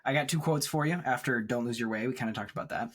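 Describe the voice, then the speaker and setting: A man co-hosts a film podcast over a remote recording setup, chatting casually in a thoughtful, rambling way and laughing often. He has a mid-range voice and talks fast.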